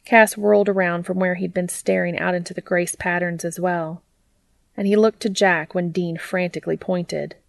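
Woman narrating a story, low voice with lots of fry, dry close sound. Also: steady tone, normal speed, no room sound. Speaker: audiobook reader. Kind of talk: reading fiction aloud.

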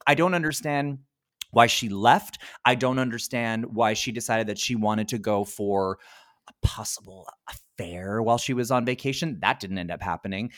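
A man co-hosting a podcast, chatting casually about an old film, animated and profane, retelling scenes with mocking impressions. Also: fairly low pitch, moderate pace, no room sound, studio quality. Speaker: podcast co-host.

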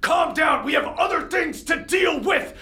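A game master voicing a furious dwarf leader who shouts orders to end a quarrel. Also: sits high, lively intonation, unhurried, faint music behind, a faint crowd, pitched above the performer's own voice, full character voice. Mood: commanding. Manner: shouting orders over an argument.

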